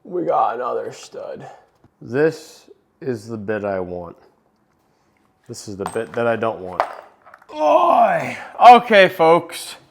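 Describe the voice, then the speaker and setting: A man's voice: mid-range voice, big pitch swings, slow, gravelly, pauses often, slight background noise. Chatty young man vlogging at home. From New Hampshire, USA. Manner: chatty, jokey, talks to camera while working. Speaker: fish-keeping vlogger. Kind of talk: casual vlog chat. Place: home basement and rooms.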